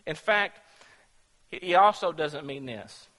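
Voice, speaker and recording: Bright-voiced preacher in a reverberant hall. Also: male voice, on the high side, expressive, unhurried. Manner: conversational, asks the congregation questions, many restarts. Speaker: pastor. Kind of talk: sermon.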